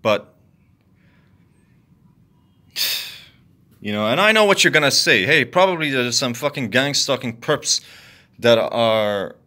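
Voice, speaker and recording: A man ranting angrily to the camera, profane and repetitive, swinging from loud outbursts to low muttering. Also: lively intonation, takes it slowly, pauses often. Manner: heated, profane, repetitive venting. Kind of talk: angry solo rant to camera.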